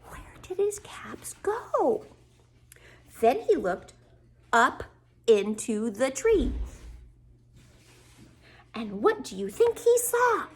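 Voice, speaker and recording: A woman teacher reading a children's story aloud, expressive and asking the young listeners questions. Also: high-pitched, drawn-out words, pauses often, breathy edge.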